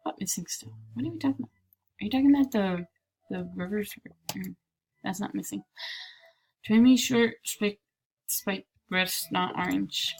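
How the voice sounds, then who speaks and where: A woman's voice: mid-range voice, normal speed, creaky, pauses often, slightly rough. A slightly sick woman chatting playfully through a casual gameplay commentary, slipping into whispered asides. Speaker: gameplay video creator.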